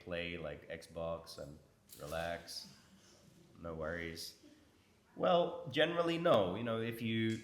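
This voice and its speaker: A man giving an informal class in a temple hall, quizzing and teasing his audience. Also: low voice. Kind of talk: conversational scripture class. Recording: echoey hall with faint noise.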